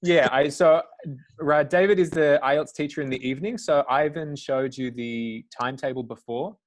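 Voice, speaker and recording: A man hosts a live webinar over a video call, passing audience questions on to his colleagues. His delivery is relaxed and conversational, full of small fillers. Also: fairly high pitch, moderate pace. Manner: reads out audience questions, loose and chatty. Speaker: webinar host.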